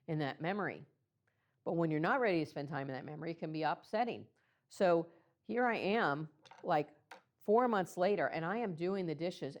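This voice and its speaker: A woman with a low voice gives an earnest, personal talk to a room of clergy. She pauses often with soft ums as she speaks. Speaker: presenter. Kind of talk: talk to clergy about baby loss. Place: meeting room.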